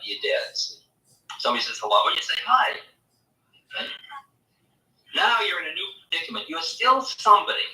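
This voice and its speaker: Bright-voiced man lecturing in an echoey room. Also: fairly high pitch. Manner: animated storytelling, acting out imagined voices. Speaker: spiritual teacher. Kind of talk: spiritual lecture. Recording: echoey room, mic far off.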